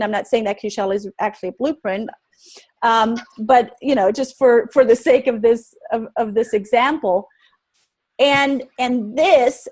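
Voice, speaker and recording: A woman teaching a live webinar, energetic and quizzing her audience with questions. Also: fairly high pitch. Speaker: webinar presenter.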